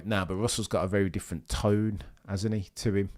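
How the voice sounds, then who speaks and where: A young man with a lowish voice hosts a live race watchalong. He chats casually, reads out viewers' messages and answers them one after another. His talk is loose, with restarts and asides. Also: little pitch movement, fairly quick, few pauses, a little mellow. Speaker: livestream host.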